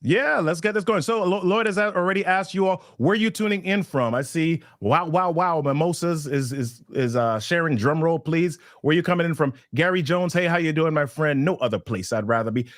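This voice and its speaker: A man's voice: a little high, moderate pace, few pauses, a bit bright, dry recording, studio quality. A man hosting a live online workshop, upbeat and hyped, reading out where viewers are tuning in from. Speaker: webinar host. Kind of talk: energetic live-stream hosting.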